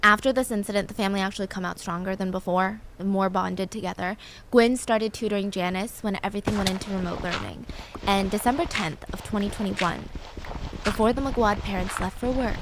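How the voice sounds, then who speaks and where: A woman's voice: mid-range voice, very noisy. Chatty woman telling a true story. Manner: chatty, peppered with "like" and asides. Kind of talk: casual story narration.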